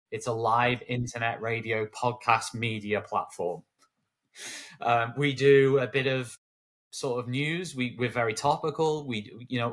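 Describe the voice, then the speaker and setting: A British man talking in a bright, forceful voice with medium pitch. He tells stories with energy and acts out the voices of the people he quotes, as a guest on an interview podcast. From United Kingdom. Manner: animated storyteller who acts out quoted voices. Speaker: guest, education broadcaster. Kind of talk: conversational interview.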